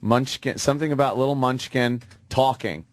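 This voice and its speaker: A man's voice: medium pitch, moderate pace, a little hiss or hum. A man co-hosting a radio show, telling stories in loose, profane, rambling banter. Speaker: radio co-host.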